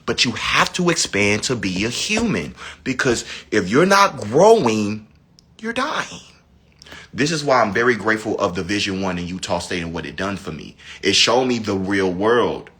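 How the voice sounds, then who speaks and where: Animated husky man preaching spirit talk. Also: moderate pace. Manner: animated, dramatic swings from loud high to low hushed. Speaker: spiritual teacher.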